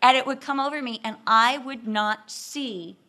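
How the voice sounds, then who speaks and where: A pastor's wife telling lively, self-deprecating stories about marriage in a sermon, laughing often and acting out scenes. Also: female voice, on the high side, normal speed.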